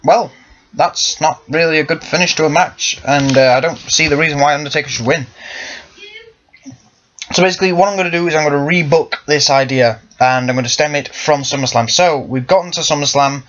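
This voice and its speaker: A man's voice: on the high side, fairly quick, fairly bright tone. A young man giving casual, rambling commentary on wrestling, often correcting himself. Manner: rambling, with frequent self-corrections. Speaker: wrestling fan vlogger. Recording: lo-fi muffled sound.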